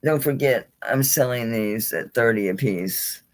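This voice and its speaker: A woman's voice: very deep voice, unhurried. A woman running a live jewelry auction stream, chatting casually and showing pieces as she talks, sounding a little tired and swearing mildly now and then. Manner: chatty and salty, with frequent mild swearing; animated, talking while handling and showing items. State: tired and yawning late in the stream.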